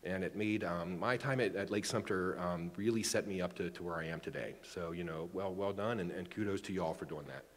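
A man's voice: low-pitched, brisk, hardly any pauses. Guy in his 40s giving a talk, lots of jokey asides and restarts, hall reverb. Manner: chatty, self-joking, many restarts. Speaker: astronomy lecturer. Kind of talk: public lecture. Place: lecture room.

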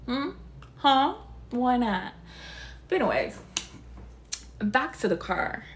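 A young woman chatting casually about a film, animated and incredulous, swearing freely as she talks. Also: on the high side, slow pace, a little hiss or hum. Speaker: vlogger reviewing a film. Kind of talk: casual reaction chat.

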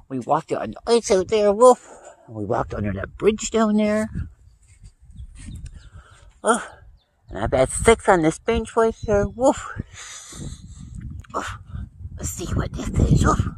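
A man's voice: high voice, a little hiss or hum. A playful man chatting casually outdoors in a park, ending nearly every line with a barked woof. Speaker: vlogger. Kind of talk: casual vlog chat. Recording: loud music playing over the voice.

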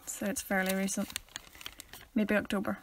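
A young woman co-hosting a podcast, teasing with dry, deadpan one-liners. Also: medium pitch, normal speed, a little hiss or hum. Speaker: podcast co-host. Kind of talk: casual chat.

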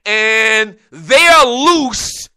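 A man hosting a casual sports talk show, spinning long, animated stories with plenty of asides. His voice is high for a man and forward. The sound is dry and close. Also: very slow, clear, resonant tone, dry recording. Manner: rambling, animated storytelling.

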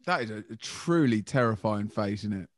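A man's voice: on the low side, animated, brisk. Giggly, teasing man on a podcast. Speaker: podcast guest. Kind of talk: casual chat.

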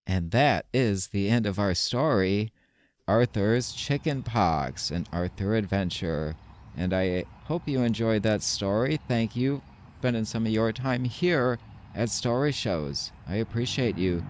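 A man reading a children's storybook aloud, slow and expressive, signing off warmly as host. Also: on the low side.

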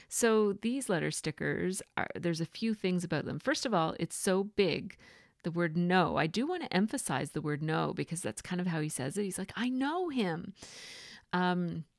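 Low-voiced chatty woman narrating crafts. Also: no room sound, studio quality. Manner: chatty and rambling, with frequent fillers. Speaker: scrapbooking vlogger. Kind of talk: casual voice-over narration of a craft process.

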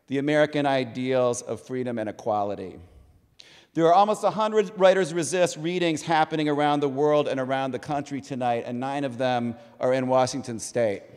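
A man hosting a public reading, welcoming the audience in a measured, declamatory way. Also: fairly high pitch, clear, resonant tone. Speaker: host opening a public reading. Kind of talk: dramatic recitation of quotations, then a welcome address. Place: large public hall, on stage. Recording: long hall reverb from a stage mic.

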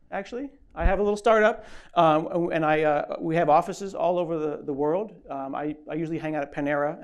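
A man giving a comic conference keynote on stage, animated and joking, acting out little voices as he tells stories. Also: a little high. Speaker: keynote speaker. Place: conference stage before an audience.

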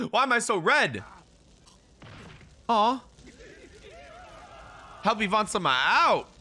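A young man doing live reaction commentary on an anime, excitable and profane, shouting at the screen. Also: high voice, slow, long pauses, breathy edge.

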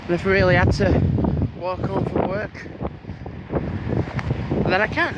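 A man's voice: high-pitched, flat delivery, unhurried, long pauses. A man, chatting and rambling as he vlogs on a phone while walking through snowy town streets. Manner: chatty, rambling, swears when annoyed. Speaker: vlogger. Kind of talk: casual walking vlog. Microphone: phone held while walking. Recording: loud outdoor street noise on a phone. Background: traffic and street noise.

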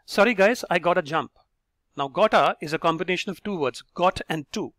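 A man teaching an online lesson, explaining and repeating example phrases slowly. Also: high voice, fairly bright tone, no echo, clean studio sound. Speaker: English teacher.

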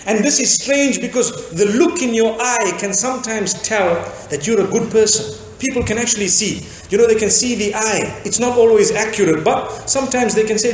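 A man's voice: high voice, moderate pace, hardly any pauses, a little hiss or hum. A man from Zimbabwe in his forties giving a sermon, telling stories and asking the crowd rhetorical questions. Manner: animated storytelling with rhetorical questions. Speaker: preacher. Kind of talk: sermon lecture. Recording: echoey lecture hall.

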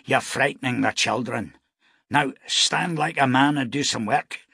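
A man's voice: mid-range voice, a little slow, gravelly, pushed and bright, breathy edge, no echo, studio quality, heavily acted. A man voicing a stern frontier parson. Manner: firm, preacherly admonishing. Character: stern red-headed frontier parson, grim and commanding.

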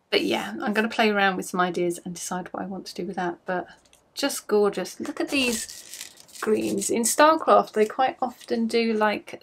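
Chatty woman rambling about yarn. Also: mid-range voice. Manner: chatty and rambling, self-mocking. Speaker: craft podcast host. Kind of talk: casual chat to camera.

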